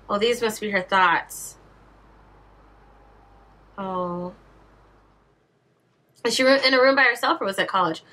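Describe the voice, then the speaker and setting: A woman's voice: a little high, expressive, a little slow, long pauses, sharp tone. A woman hosting a casual reaction video, reacting aloud with gushing exclamations. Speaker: reaction channel host.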